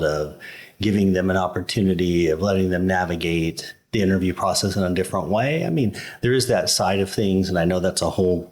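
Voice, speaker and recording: A man, a therapist guesting on a podcast, speaking in a thoughtful, reassuring way. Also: sits low. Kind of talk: casual podcast conversation.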